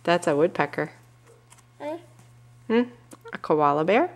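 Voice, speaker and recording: A young woman reading a picture book aloud to her toddler at home, gently asking questions and coaxing with little animal noises. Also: deep voice, lively intonation, slow pace.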